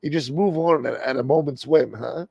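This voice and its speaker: Foul-mouthed fifties guy ranting, gravelly voice, dry close sound. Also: medium pitch, moderate pace, dry recording, lo-fi sound. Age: 50s. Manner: crude, sarcastic, mocking. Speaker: host. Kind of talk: profane comedic rant.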